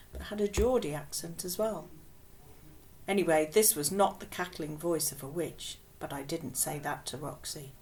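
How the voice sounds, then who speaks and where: A woman reading a children's novel aloud in a calm, unhurried way, now and then dropping to a whisper. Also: on the low side, a little hiss or hum, rough recording. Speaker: audiobook reader.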